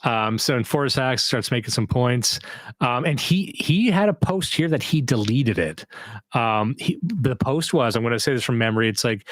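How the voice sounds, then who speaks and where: A man from Canada co-hosts a podcast in a loose, rambling way and reads online comments aloud as he goes. His voice sits in a middle pitch, and the recording is dry and close with no room around it. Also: animated, moderate pace, no room sound. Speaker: podcast co-host. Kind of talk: casual livestream podcast talk.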